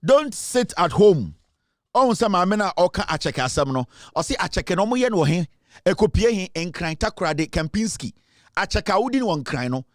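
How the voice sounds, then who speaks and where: A man's voice: high-pitched, animated, brisk, a bit bright, dry recording, studio quality. A Ghanaian man giving impassioned commentary, mixing English and Twi in a fiery, emphatic way.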